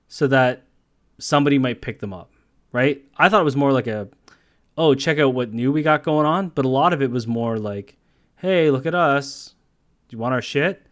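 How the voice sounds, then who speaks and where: A man co-hosting a podcast, telling long rambling stories in casual chat and swearing freely. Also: medium pitch. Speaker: podcast co-host.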